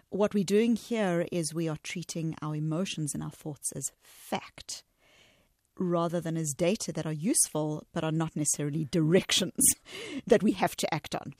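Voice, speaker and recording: A woman's voice: low voice, darkish tone, dry recording, clean studio sound. A woman, an author and guest, explaining her ideas in an interview in an articulate, emphatic way.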